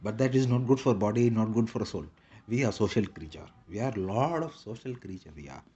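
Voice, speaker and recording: Husky man with put-on Indian accent. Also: on the low side, lively intonation, brisk, mellow, highs cut off. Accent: put-on Indian English. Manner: repetitive, clipped broken-English phrasing. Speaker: vlogger. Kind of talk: rambling casual monologue.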